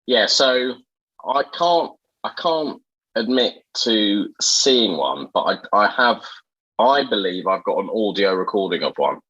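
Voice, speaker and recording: A male podcast co-host, jokey and animated as he tells a story. His voice is bright and a bit husky, and his pitch jumps around. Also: a little slow, dull audio. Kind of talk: casual podcast chat.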